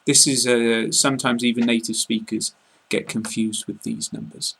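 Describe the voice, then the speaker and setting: An English teacher with a southern English received-pronunciation accent explains pronunciation to learners in an online lesson. His medium-pitched voice is strongly gravelly and somewhat husky. He talks calmly and plainly in an even, flat tone, filling pauses with ums and uhs.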